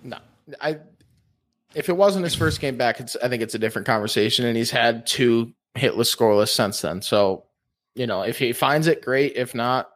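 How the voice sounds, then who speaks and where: A man chats baseball on a casual podcast in a middle-pitched voice. He hesitates and restarts his sentences as he talks. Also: moderate pace, a bit bright. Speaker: podcast co-host. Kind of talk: casual sports talk.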